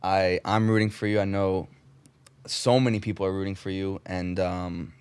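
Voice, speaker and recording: A man's voice: deep voice, level tone, normal speed, darkish tone, clear, resonant tone, no echo. A man hosting an interview, friendly and upbeat, with some hesitant fillers. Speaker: interview host. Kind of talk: casual interview.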